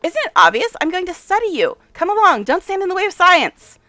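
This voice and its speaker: A woman reading aloud the lines of an eccentric, excitable female scholar obsessed with science, in a brisk, lecturing tone. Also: very high voice, no room sound, voice pushed up, exaggerated voice. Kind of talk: reading game dialogue aloud.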